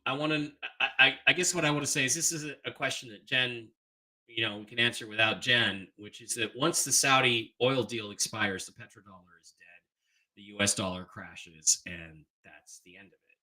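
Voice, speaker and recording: A man hosts a casual livestream, his voice bright and forceful. He answers viewer questions flatly and dismissively. His level dips whenever he pulls back from the desk microphone. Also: mid-range voice, normal speed. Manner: blunt, dismissive, thinks aloud while fiddling with mic settings. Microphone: desk microphone whose level drops as he moves away.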